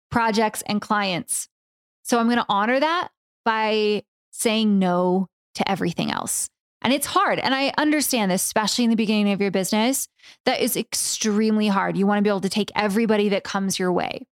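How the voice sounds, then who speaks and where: A woman hosting a solo podcast as a business coach. She talks in a casual, animated way, swears freely, fills her talk with "like" and "right?", and jumps up in pitch for emphasis. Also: normal speed, clean tone, no room sound, clean studio sound.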